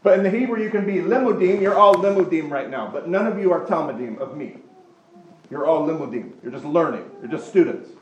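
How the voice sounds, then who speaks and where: Teaching Bible study to people in the room, a high-voiced man speaks in a lively, chatty way and quickly mimics others' voices as he explains. There is echo and constant noise behind him, and the high frequencies are cut off.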